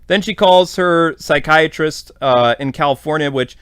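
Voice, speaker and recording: A man's voice: on the high side, measured pace, fairly bright tone, clean tone, dry recording. A man hosting a podcast, giving a casual, rambling episode recap full of fillers. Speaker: podcast host.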